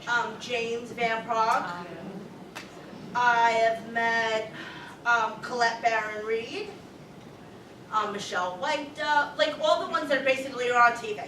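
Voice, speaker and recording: A woman psychic medium talking to a live audience, loud, rambling and full of cursing. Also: on the high side. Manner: loud, profane, rambling storyteller. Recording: echoey room, far from the mic.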